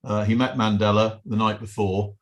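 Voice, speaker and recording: A man's voice: fairly low pitch, little pitch movement, moderate pace, highs cut off. A middle-aged man, a podcast guest, chatting casually and telling rambling anecdotes with many restarts. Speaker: podcast guest, business owner. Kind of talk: casual interview chat.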